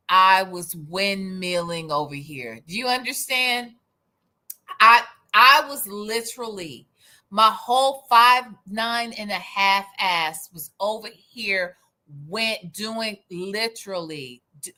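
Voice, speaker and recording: A woman's voice: medium pitch, slow pace, sharp tone. A woman hosting a livestream, giving sarcastic commentary in a teasing, mock-outraged manner. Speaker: livestream host.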